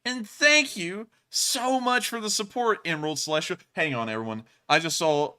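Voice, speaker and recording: A man in his twenties co-hosting a live stream, chatting casually and rambling with lots of fillers and restarts, deliberately raising his pitch. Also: bright, forceful tone, clean tone. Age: 20s. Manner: speaks in a deliberately raised pitch. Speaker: stream co-host.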